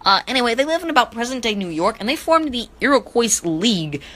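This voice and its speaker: Bright-voiced woman teaching history casually. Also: on the high side, big pitch swings, fast, low-quality recording. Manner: joking, self-deprecating asides; stumbles over names. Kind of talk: casual educational podcast.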